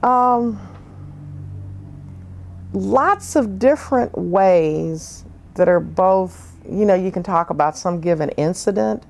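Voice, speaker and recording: A woman giving an oral history interview, telling her experiences frankly and reflectively, with many pauses and fillers. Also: mid-range voice, lively intonation, vocal fry, darkish tone. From northern United States.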